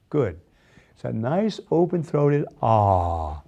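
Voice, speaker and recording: Slow, gravelly man coaching voice exercises. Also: mid-range voice, animated, dark tone. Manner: slow, patient coaching with demonstrated yawns and sung tones. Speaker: voice and speech exercise instructor. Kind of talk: guided voice exercise class.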